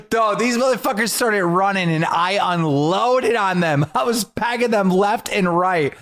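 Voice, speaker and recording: A man co-hosting a casual podcast, telling stories in a profane, animated way and acting out quotes in a raised voice. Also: high voice, normal speed, hardly any pauses. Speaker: podcast co-host.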